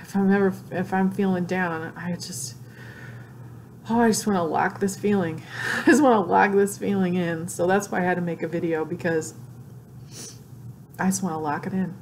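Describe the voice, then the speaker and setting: A woman vlogging in an emotional, gushing way, tearful and crying as she talks with excited exclamations. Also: lowish voice, normal speed, long pauses, a little hiss or hum. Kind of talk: emotional casual vlog.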